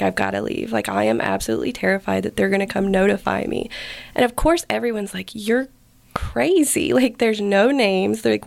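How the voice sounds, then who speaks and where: A woman's voice: medium pitch, gravelly. A woman, a podcast guest, telling a personal story in a casual, filler-heavy way and acting out the lines of the people in it. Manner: casual, filler-heavy, acts out quoted speech.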